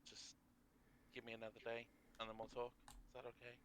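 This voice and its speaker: Bloke at a tabletop game, swears a lot, faint room hum behind. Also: male voice, mid-range voice, completely flat delivery, brisk, fairly bright tone, low-quality recording. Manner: casual, swears freely, laughs often. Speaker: player. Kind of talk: playing a tabletop role-playing game.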